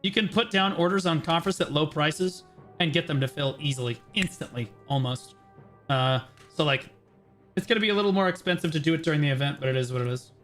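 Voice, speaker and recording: A male streamer with a fairly high voice explains game mechanics in a brash, blunt rush. He swears freely and keeps checking in with "okay" between points. Faint game music plays behind him. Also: a bit bright. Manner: brash, profane, explains in quick bursts with many "okay"s. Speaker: streamer giving a game gearing guide. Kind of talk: casual livestream commentary.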